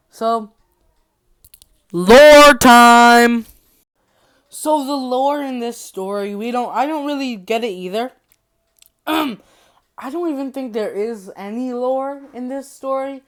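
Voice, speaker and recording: A woman's voice: medium pitch, a little mellow, clean tone. A woman casually summarizing a horror book, rambling and repeating herself. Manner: rambling, repetitive, giggly. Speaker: youtuber retelling a book.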